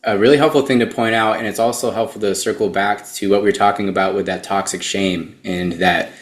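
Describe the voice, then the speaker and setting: A therapist and dating coach, interviewed as a guest, speaks in a measured way and explains things step by step. His voice is fairly low with fairly even intonation, and the recording is reverberant.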